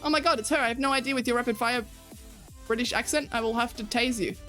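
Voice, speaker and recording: A woman's voice: on the high side, quick pace, fairly bright tone, faint music behind. A woman with an Australian accent, from the country, chatting frankly with her livestream viewers, swearing freely and laughing often. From rural Australia. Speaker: streamer. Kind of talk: casual livestream chat with viewers.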